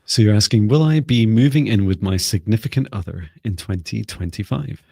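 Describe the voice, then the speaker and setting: A man giving live spiritual readings and energy clearings, speaking slowly and soothingly. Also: lowish voice, dark tone, no room sound, clean studio sound. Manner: slow, soothing, meditative. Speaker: spiritual reader.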